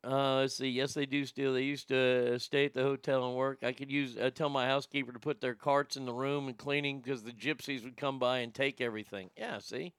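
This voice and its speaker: A man's voice: medium pitch, level tone, brisk, few pauses, fairly bright tone, clear, resonant tone, no echo. A man co-hosting a podcast, rambling through news stories in crude, profane, casual commentary. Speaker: podcast co-host.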